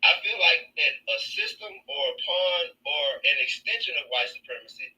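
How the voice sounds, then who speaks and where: A man's voice: high voice, wildly swooping pitch, moderate pace, sharp tone. Hesitant Southern man on a phone line. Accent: Southern American. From Tennessee, USA. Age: 30s. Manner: hesitant, many fillers and restarts. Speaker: caller. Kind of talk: call-in debate. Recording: distant phone-line audio.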